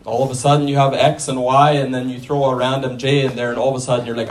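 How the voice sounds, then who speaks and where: A man's voice: medium pitch, little pitch movement, fast, few pauses. A man preaching a sermon in a conversational way, with restarts and asides to the congregation.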